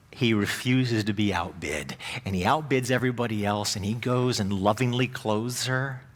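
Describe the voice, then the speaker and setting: A man pastor delivering a sermon, telling the story dramatically and moving between raised emphatic lines and hushed, low asides. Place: church.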